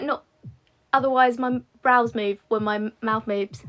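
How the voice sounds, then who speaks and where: A woman's voice: a little high, steady tone, normal speed, fairly bright tone. A young woman, chatting casually to a livestream audience while doing her makeup at home. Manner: chatty, rambling, with frequent fillers. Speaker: beauty content creator.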